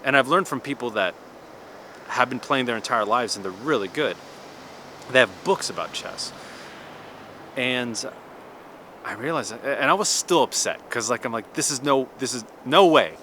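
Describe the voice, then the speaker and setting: A man in his thirties tells a casual story, his voice bright and forward. He talks in a chatty, animated way, full of restarts and "like". Faint traffic hums behind him outdoors. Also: medium pitch, normal speed, long pauses. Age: 30s. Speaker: vlogger.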